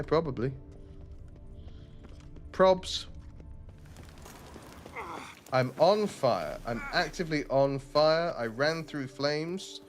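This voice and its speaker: A man from southeast England casually commenting while streaming a game, animated and self-mocking, with a faint trace of a lisp on his S sounds. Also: medium pitch.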